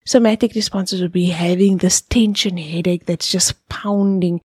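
A woman's voice: on the low side, steady tone, normal speed, slightly rough, no room sound. A woman, hosting a podcast and explaining things step by step with vivid examples, sometimes dropping to a whisper. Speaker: podcast host.

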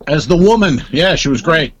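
A man's voice: fairly high pitch, lively intonation, normal speed. A man co-hosting a comedy podcast, telling a loose, profane story in casual chat.

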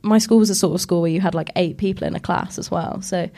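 A woman's voice: fairly low pitch, steady tone, fast, mellow, a little hiss or hum. A young woman from Scotland in casual chat, wry and ranting, acting out quotes.

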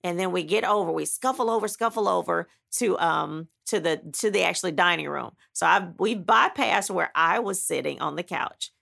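A woman with a deeply gravelly, fry-heavy voice tells her own story as an author. She is blunt and emphatic, dramatizing each step with frequent asides. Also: normal speed, few pauses, a bit bright. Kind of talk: animated personal storytelling.

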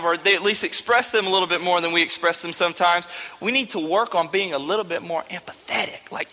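A man's voice: sits high, pushed and bright. A young man, talking to a youth group in a joking, chatty way and often checking in with "okay?". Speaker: youth teacher. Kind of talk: informal talk to a youth group. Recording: long reverb of a large hall.

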